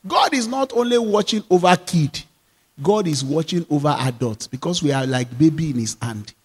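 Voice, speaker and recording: A man, a pastor, preaching a sermon, repeating phrases and leading the congregation in call-and-response, moving between loud declarations and quiet asides. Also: fairly high pitch, lively intonation, moderate pace, breathy edge, in a large hall.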